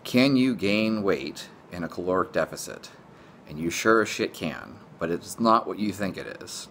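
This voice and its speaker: A man, a fitness coach, explaining a topic in a blunt, profane, animated casual monologue. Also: low voice, normal speed, slight background noise.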